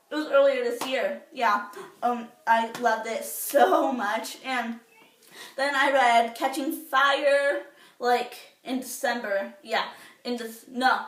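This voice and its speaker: A woman's voice: fairly high pitch, fairly bright tone, a little hiss or hum. A teenage girl chatting casually to the camera, bubbly and rambling with lots of fillers and restarts. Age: teens. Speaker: vlogger. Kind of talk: casual chat. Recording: echoey room, somewhat far from the mic.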